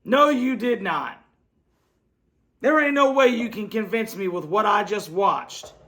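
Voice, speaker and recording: His voice sits high and a bit bright, and he keeps a measured pace. Speaking through a computer setup at home, the sports fan show host rants angrily about a loss, hammering the same points bluntly.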